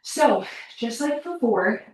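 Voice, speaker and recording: Woman, pilates instructor, slow measured cues, out of breath, echoey room, distant laptop mic. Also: on the high side, expressive, darkish tone. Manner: counting down reps, encouraging. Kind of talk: workout cueing.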